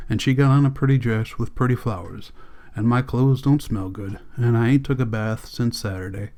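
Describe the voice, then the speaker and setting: A man reading a novel aloud as an audiobook, in a soft, subdued first-person diary voice. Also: medium pitch. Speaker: audiobook reader.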